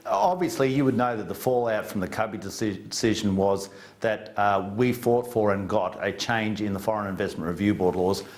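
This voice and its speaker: An Australian man, a minister, answering interview questions in a blunt, folksy, plain-spoken way. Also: fairly low pitch. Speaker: government minister as interview guest. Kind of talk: interview down a remote studio link.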